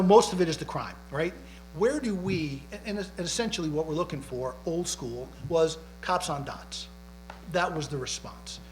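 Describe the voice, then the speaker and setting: Chatty police chief, rather high voice. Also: male voice, rough recording. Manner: chatty, tags lines with "right?". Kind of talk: public panel talk, storytelling. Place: library community event.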